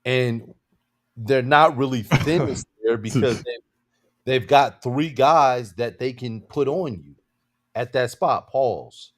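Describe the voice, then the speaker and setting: Male sports podcast co-host: laid-back, wry and low-key in casual chat. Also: slow.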